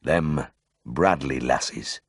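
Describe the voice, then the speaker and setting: A man's voice: a bass voice, extremely slow, breathy edge, no room sound, studio quality, voice pushed down, full character voice. A man voicing a bad-tempered old male farmer, blunt and swearing, in an audiobook. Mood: grim muttering. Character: sour, grumbling old male Yorkshire farmer.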